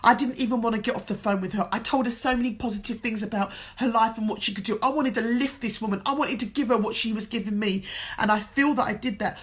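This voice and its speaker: A woman's voice: a little high, fast talker. A middle-aged woman from England, a motivational coach, speaking earnestly to her viewers and sounding emotional, with a runny nose at times. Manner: heartfelt, tearful at times, earnest and encouraging. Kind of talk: emotional direct-to-camera talk.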